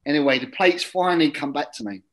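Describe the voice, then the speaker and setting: A man telling a long casual anecdote as an interview guest, chatty and drifting into quiet muttered asides. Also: fairly high pitch, expressive, fast talker, rough recording. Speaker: guest, former footballer.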